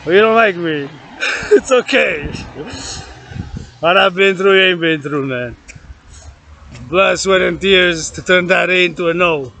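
Brief: gravelly, slightly high-voiced man, rambling slow outdoor rant, faint traffic behind. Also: bright, forceful tone. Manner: rambling, laughing between lines, repeats words. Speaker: vlogger.

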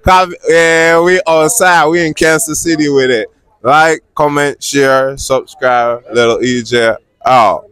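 A man's voice: a little high, steady tone, slow pace, a bit bright, clear, resonant tone, no echo. A young man from Belize with a Belizean accent, running a casual street interview outdoors and teasingly drilling phrases with strangers. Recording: street noise, music playing behind.

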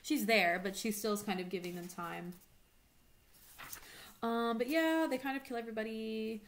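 A woman's voice: on the high side, moderate pace, a little hiss or hum. A woman teacher giving a casual recorded lesson, explaining a text in an informal, chatty way with lots of filler words.

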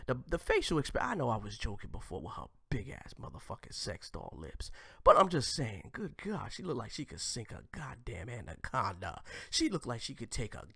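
A male host giving loose, joking reaction commentary from his home, his pitch swinging widely between loud and hushed. He teases constantly and drops into whispers for punchlines. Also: wildly swooping pitch, normal speed, vocal fry, husky, no echo, studio quality. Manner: crude, teasing, jokey commentary with sudden whispers.

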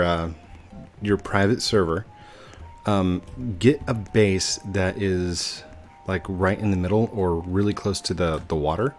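A man's voice: fairly low pitch, darkish tone. A man giving casual gameplay commentary, rambling with many fillers and restarts. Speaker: gaming video host.

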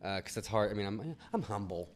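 A man's voice: on the low side, expressive, fairly quick. A man in his thirties co-hosting a local show, chatting casually and jokingly with a lot of rambling restarts. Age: 30s. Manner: rambling, many restarts, jokey. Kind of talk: casual chat.

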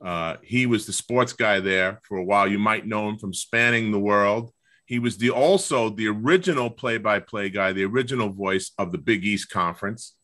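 A man's voice: lowish voice, moderate pace, fairly bright tone. A man with a Long Island accent hosting a podcast, enthusiastic and repetitive, on a video call. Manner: enthusiastic, repeats himself. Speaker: podcast host. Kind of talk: casual chat.

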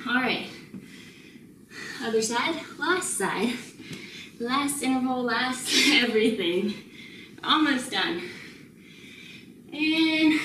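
A woman's voice: sits high, recorded from a distance. A woman instructor leading a home workout, slightly out of breath, upbeat and laughing as she counts down reps. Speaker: fitness instructor. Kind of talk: workout tutorial cueing. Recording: roomy, noisy, mic set away.

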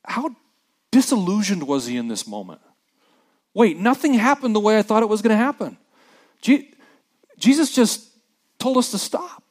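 A man preaching a sermon as a pastor, reading scripture with lively acted-out voices and dropping quiet for the somber parts. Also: sits high, normal speed, pauses often. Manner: animated preacher who acts out scripture voices, dropping soft for somber moments.

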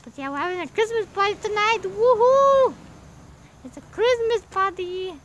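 A woman voicing an excitable male plush Luigi, quickly spooked, in a homemade outdoor plush video. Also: very high voice, lo-fi sound, background noise. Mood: excited.

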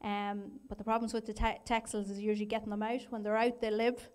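A woman, a researcher, answering audience questions after her talk in plain, even sentences with frequent fillers. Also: medium pitch, a little fast, clear, resonant tone. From Ireland. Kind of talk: conference Q&A.

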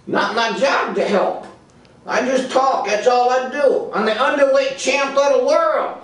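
A man voicing George, a cocky, loudmouthed redneck puppet boxer with a high-pitched, brash drawl. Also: a little slow. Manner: boastful and insulting. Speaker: ventriloquist's puppet. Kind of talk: ventriloquist comedy act. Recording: echoey hall from far off.

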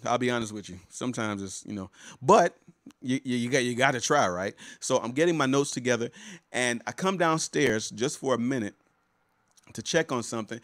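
A man, a pastor and life coach, talks to his online viewers in a loose, chatty way. He stumbles over repeated words and stops to greet people by name. His voice is mid-pitched, and the sound is dry and close. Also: dry recording. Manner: warm, chatty, repeats words and restarts often. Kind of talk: casual live-stream coaching talk.

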